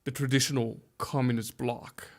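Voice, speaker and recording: A man's voice: mid-range voice, flat delivery, normal speed. Hungarian-accented man in his fifties. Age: 50s. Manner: careful, searching for English words with many restarts. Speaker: guest, pastor. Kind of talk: conversational interview.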